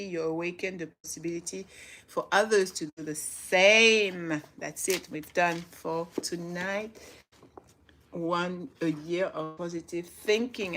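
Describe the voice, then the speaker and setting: A woman's voice: fairly low pitch, fairly bright tone, a little hiss or hum. A woman in her forties hosting a casual live stream from home, upbeat and motivational, laughing often as she reads and chats. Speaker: livestream host. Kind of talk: casual live chat, reading aloud.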